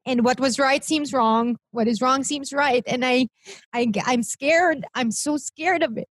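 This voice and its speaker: Emotional Filipina woman, high voice. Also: a little slow, dry recording. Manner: earnest, emotional and tearful, laughing often. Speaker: podcast co-host. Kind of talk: casual chat mixing English and Tagalog. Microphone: video call.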